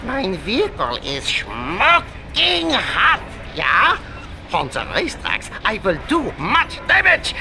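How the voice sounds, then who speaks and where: A man's voice: high voice, gravelly, heavily acted. An actor playing a pompous male racing-park tycoon with a thick foreign accent, in a video game cutscene. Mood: grandiose. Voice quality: hammy, drawn-out theatrical delivery. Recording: game audio with steady background noise.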